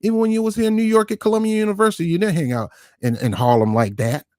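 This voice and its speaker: A man's voice: high-pitched, steady tone, quick pace, darkish tone, dry recording, studio quality. A man hosting his own online show, giving ranting political commentary in an emphatic, confrontational way and repeating words for stress. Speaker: YouTube commentary host.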